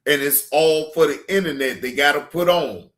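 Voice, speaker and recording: A man hosting a reaction show in casual livestream talk, slangy and profane, repeating himself and swinging from loud hype to quiet asides. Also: a little high, moderate pace.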